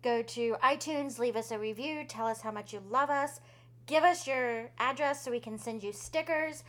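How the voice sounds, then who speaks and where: A young woman co-hosting a book podcast, joking, swearing freely and reacting quickly. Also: fairly high pitch, a bit bright. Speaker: podcast co-host. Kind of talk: casual book podcast chat.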